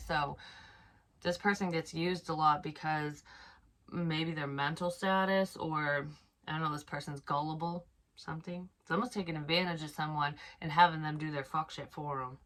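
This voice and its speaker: Low-voiced woman musing softly. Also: steady tone, moderate pace. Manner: hesitant, musing aloud with frequent restarts; soft and low-key, swearing casually. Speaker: psychic medium. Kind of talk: unscripted psychic reading monologue.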